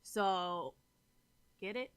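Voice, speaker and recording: A woman's voice: medium pitch, very slow, fairly bright tone, smooth. Blunt, swearing woman ranting to chat. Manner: keeps checking in with listeners. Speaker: live streamer. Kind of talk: casual talk to stream chat.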